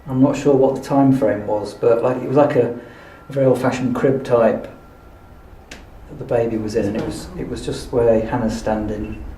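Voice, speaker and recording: Hesitant English man with a dark voice. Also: medium pitch, steady tone, far from the mic. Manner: hesitant, halting, lots of restarts. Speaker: psychic medium. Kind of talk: ghost-hunt walk-around, talking to spirits. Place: old building at night, rooms and cellar. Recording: roomy echo, faint noise.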